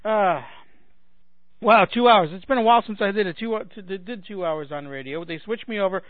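A man's voice: high-pitched, fairly quick, no room sound. A man hosting a radio show as a fill-in, chatting casually and rambling with frequent restarts and self-deprecation. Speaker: radio host filling in. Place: home in Chicago. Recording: tinny dry phone-like line.

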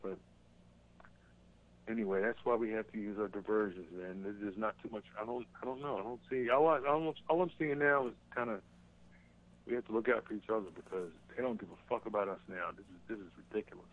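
A man calling in to a talk show, talking casually and haltingly about politics, often repeating words. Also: lowish voice, fairly even intonation. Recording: tinny phone line.

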